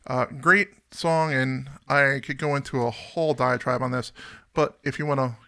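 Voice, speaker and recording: Gravelly, bright-voiced man chatting casually. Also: medium pitch, steady tone, normal speed. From US East Coast. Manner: chatty, jokey, rambling asides. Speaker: podcast host presenting a song countdown. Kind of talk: casual chat.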